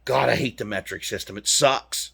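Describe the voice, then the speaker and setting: A creaky, lowish voice with a sharp tone and a breathy edge comes from an American vlogger in his truck, talking at a moderate pace. He's ranting to viewers, angry and punchy, and swearing throughout.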